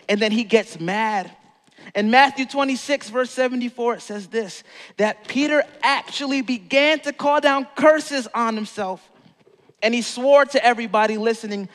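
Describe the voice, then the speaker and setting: A man's voice: very high voice, moderate pace, a bit bright, in a large hall. A man preaching a sermon as pastor, telling a story playfully and acting out the quotes.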